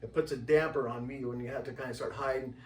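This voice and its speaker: A man from Washington State speaking as an interview guest, telling stories in a loose, rambling way full of "you know," and slipping into higher voices when quoting others. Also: steady tone, quick pace. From Washington State, USA. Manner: acts out quoted voices in a higher pitch. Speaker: interview guest, tribal member. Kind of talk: rambling conversational storytelling. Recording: roomy, distant mic, faint background ambience.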